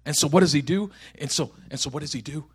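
High-voiced storytelling man preaching. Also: quick pace, breathy edge. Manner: storytelling with acted voices, swings from hushed to shouting. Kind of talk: sermon.

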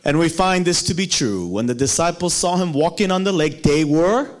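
A man preaching a sermon in a playful, animated way, acting out the people in the story and laughing often. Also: a little high, normal speed.

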